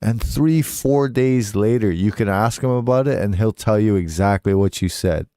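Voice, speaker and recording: A man's voice: fairly low pitch, normal speed, warm tone, dry recording, clean studio sound. A young adult man telling stories casually on a live stream, swearing freely and slipping into voices when he quotes people.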